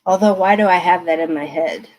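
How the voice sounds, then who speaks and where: A woman's voice: lowish voice, brisk, darkish tone, rough recording. A woman giving tarot readings on a live stream, chatting straight to her viewers and laughing often. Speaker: tarot reader.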